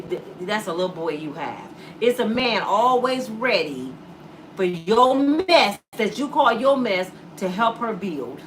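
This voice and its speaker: A woman YouTuber giving blunt, animated commentary to her viewers and acting out the voices of people she quotes. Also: medium pitch, far from the mic, noisy background. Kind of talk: casual commentary to camera.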